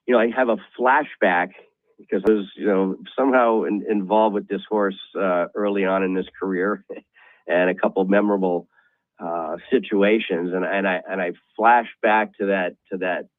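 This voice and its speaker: A middle-aged man telling a horse racing office story on a call-in show, halting and rambling with many restarts. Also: fairly low pitch, no room sound. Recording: tinny phone line.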